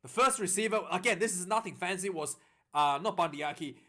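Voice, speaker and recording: A man recapping a rugby match in a casual, rambling way, getting excited at big plays, with many fillers and restarts. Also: high voice, brisk. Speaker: rugby reviewer.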